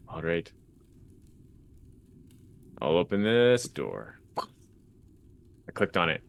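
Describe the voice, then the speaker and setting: A man playing a tabletop game, laid-back and unhurried in casual chat. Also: low voice, big pitch swings, vocal fry. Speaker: player.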